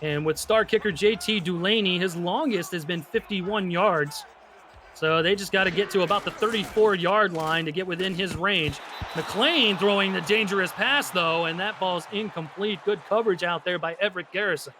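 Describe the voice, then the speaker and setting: A man with a high, bright voice calls a football game play by play. He gets excitable and jumps up on tipped passes. There is faint background hiss under him. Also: moderate pace. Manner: excitable, rises sharply on big plays. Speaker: play-by-play announcer. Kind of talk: live esports football commentary.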